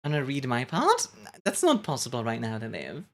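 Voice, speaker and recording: A young woman with a rumbling low voice and huge swings in pitch speaks at a moderate pace while live-streaming a game. Her casual commentary is playful, full of laughter, chatter with viewers, and rambling asides.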